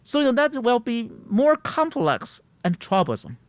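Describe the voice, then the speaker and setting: A man's voice: very high-pitched, huge pitch swings, normal speed, dry recording. Earnest man in his thirties. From Taiwan. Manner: earnest, emphatic, searching for words. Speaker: guest. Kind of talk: interview answers.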